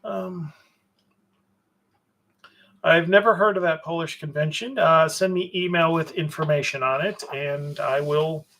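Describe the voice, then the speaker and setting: Male livestream host, gravelly and slightly high, sardonic rambler with lots of fillers. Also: a little slow, pauses often, fairly bright tone. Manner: sardonic, swears, trails off with fillers. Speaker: publisher hosting a livestream. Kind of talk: rambling livestream chat answering viewers.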